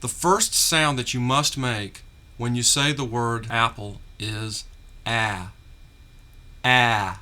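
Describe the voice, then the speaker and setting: A man teaching a phonics lesson, carefully articulating drawn-out vowel and consonant sounds. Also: medium pitch, pushed and bright. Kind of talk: slow, deliberate phonics lesson.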